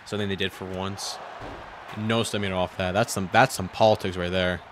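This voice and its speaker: A young man giving frustrated, sarcastic commentary over his own video game play, swearing and swinging from mutters to yells. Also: low-pitched, steady tone, fairly quick, noisy background. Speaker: gaming YouTuber.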